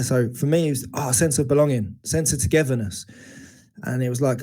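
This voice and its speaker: Man in his forties, mid-pitched and warm, candid guest opening up about hard memories with halting restarts. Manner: open, searching, halting retelling of painful memories. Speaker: interview guest. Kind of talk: candid personal storytelling.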